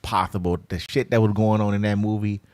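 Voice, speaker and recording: A man's voice: on the low side, little pitch movement, brisk, a little mellow, smooth, dry recording. A man hosting a casual wrestling podcast, laid-back and steering the talk with loose fillers. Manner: laid-back, wraps up topics, frequent fillers. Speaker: podcast host. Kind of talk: casual chat.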